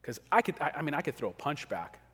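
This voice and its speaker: A man preaching a sermon as pastor, talking casually and acting out quick everyday scenes. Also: on the high side, big pitch swings, a bit bright, slightly rough. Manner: conversational, acts out quick scenes. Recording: long hall reverb.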